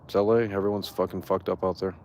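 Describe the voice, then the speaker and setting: A man's voice: sits low, little pitch movement, quick pace, a little mellow. Rambling, profane young man ranting. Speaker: streamer. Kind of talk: casual rant to chat.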